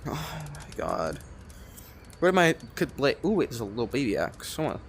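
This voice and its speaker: A man giving let's-play commentary, rambling and excitable, swearing often and talking to himself as he plays. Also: mid-range voice, moderate pace, a little hiss or hum. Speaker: gamer playing a cooking game.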